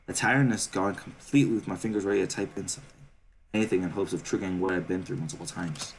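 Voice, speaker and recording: A man's voice: sits low, quick pace, slight background noise, low-quality recording. A man reading a visual novel's narration aloud for viewers, stumbling and correcting himself as he goes. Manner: reads with stumbles and self-corrections. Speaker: game streamer.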